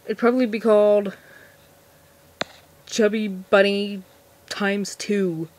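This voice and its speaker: A woman's voice: medium pitch, fairly even intonation, slow, a little mellow, slight background noise. A seventeen-year-old girl answering viewer questions in a casual vlog, nervous and giggly, rambling with lots of restarts. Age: teens. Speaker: vlogger.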